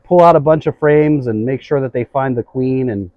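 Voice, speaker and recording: A man's voice: mid-range voice, normal speed, dry recording, lo-fi sound. A man working as a beekeeper, patiently explaining what he does while he inspects a hive outdoors. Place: outdoors at a beehive.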